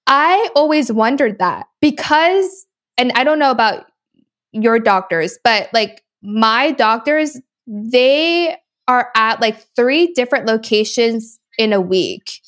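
A woman's voice: fairly high pitch, animated, takes it slowly, a bit bright. A young woman, chatting casually and telling a story with many fillers. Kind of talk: casual chat.

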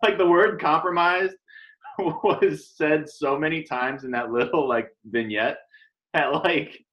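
A man's voice: fairly high pitch, slow. A man co-hosting a podcast in casual chat, swearing freely and laughing through his sentences. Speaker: podcast co-host. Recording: dull lo-fi mic.

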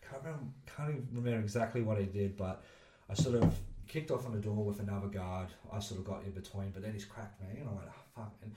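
A man's voice: on the low side, fairly even intonation, fast talker, few pauses, dark tone, slight background noise. An Australian man who is a guest on a podcast, talking loosely with many fillers and swearing. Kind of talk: casual chat. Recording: roomy echo.

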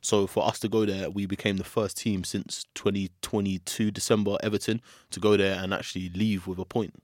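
A man's voice: lowish voice, fairly quick, no room sound, clean studio sound. A man hosting a casual football podcast, bantering and laughing often. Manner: animated, laughing, banter-heavy. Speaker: podcast host.

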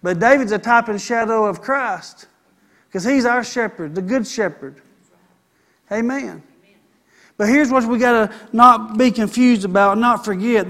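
A man's voice: sits high, normal speed, fairly bright tone. A middle-aged man, preaching a sermon and calling out for an amen. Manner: preaching with call-and-response "Amen". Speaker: pastor.

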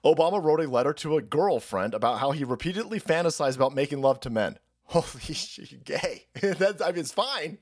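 A man's voice: on the high side, animated, brisk. A man hosting a livestream, ranting crudely and laughing often. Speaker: streamer host. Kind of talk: profane livestream rant.

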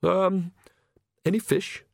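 A man's voice: high voice, steady tone, slow pace, vocal fry, no echo, clean studio sound, pitched above the performer's own voice, exaggerated voice. A man voicing a fretful young male priest who stammers and apologizes. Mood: earnest.

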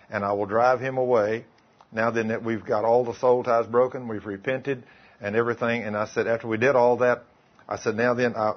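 Husky preacher, lo-fi church recording. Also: male voice, medium pitch. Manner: retells dialogue, quoting both sides. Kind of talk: sermon with told stories.

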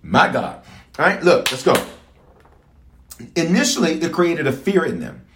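A man's voice: fairly high pitch, big pitch swings, a little slow, fairly bright tone, slight background noise. A man preaching as a bishop at a prayer service, emphatic and repetitive, calling out to his congregation. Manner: emphatic, repeats phrases, calls to congregation. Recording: echoey room.

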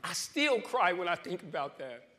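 A high-pitched man preaches a testimony sermon in church. His voice is bright and forceful, and he repeats his points and swells louder to call the congregation in. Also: big pitch swings, moderate pace. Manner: call-and-response preaching, emphatic repetition, swells louder to the crowd.

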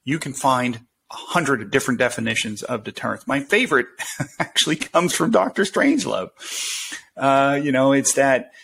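A man's voice: medium pitch, expressive, moderate pace, vocal fry, a bit bright, slight background noise. A man who teaches as a professor, a guest on a podcast, talking with many hesitations and fillers. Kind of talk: interview conversation.

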